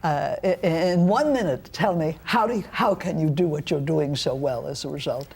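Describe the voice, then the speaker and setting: A woman's voice: low voice, moderate pace, darkish tone, breathy edge. A woman hosting an arts talk show, asking the guest questions and then wrapping up by thanking the panel.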